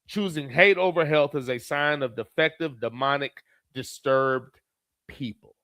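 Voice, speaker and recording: A man's voice: on the high side, unhurried, pushed and bright, no echo. A man who reads viewer comments aloud as a streamer and gives blunt, profane, heated commentary. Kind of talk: profane live commentary reading chat.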